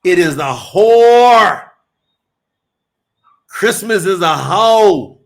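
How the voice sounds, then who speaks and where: A man preaching on a livestream, his voice high and rough with gravel, and he takes his time with the words. He builds to emphatic shouts and then eases into loose, conversational talk with his viewers, calling them y'all. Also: expressive, drawn-out words. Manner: fiery and emphatic, rising to shouts; addresses the audience as y'all, loose and conversational between points. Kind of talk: livestream sermon and chat with viewers.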